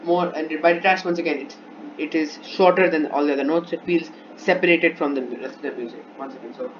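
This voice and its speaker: A man's voice: a little high, a little fast, background noise. A man teaching a music theory lesson off the cuff, often restarting and repeating himself while he demonstrates. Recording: dull lo-fi recording with instrument playing.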